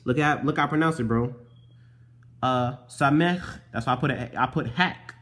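A young man in a casual show-and-tell vlog, explaining letters from his notes, spelling them out slowly and calling the listener bro. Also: medium pitch, fairly bright tone. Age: young adult. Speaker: vlogger teaching Hebrew letters.

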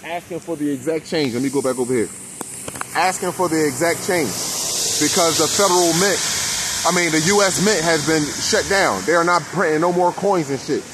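Man, fairly high voice, fiery profane monologue to camera. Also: moderate pace, background noise. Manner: profane, preachy, addresses his people. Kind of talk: impassioned conspiracy rant.

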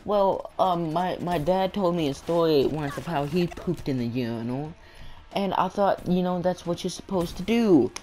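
A man's voice: on the high side, normal speed, darkish tone, voice pushed up, natural voice. A male vlogger voicing a nervous young schoolboy who stutters and repeats words.

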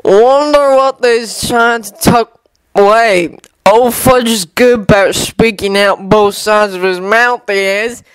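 A woman's voice: on the high side, clear, resonant tone, dry recording, rough recording. A woman voicing a slurring drunk male wizard at the back of a pub. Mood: grumbling. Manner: slurred, slow.

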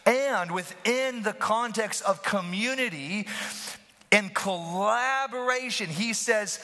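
A man preaching a lively sermon, playful and animated, who often asks the congregation questions. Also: high-pitched, slow. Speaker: pastor. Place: church hall. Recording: live in a reverberant hall.

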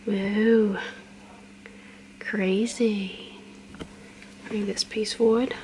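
Brief: young woman, whispered ASMR role-play, unhurried, soft friendly chatter, faint background hiss. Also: medium pitch, flat delivery, poor audio. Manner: soft whisper with chatty asides, counting slowly. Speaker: ASMR creator.

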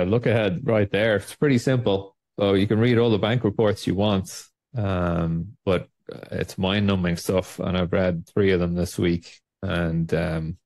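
An Irish man co-hosts a trading show, chatting casually and jokingly about markets while rambling and laughing often. His voice is fairly low and a little mellow, at a measured pace with hardly any pauses.

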